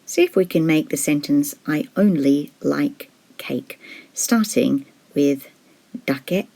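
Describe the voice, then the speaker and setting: Low, gravelly woman teaching a lesson. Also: warm tone. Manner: measured, explanatory, slows down to model example words. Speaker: language teacher. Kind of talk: scripted lesson narration.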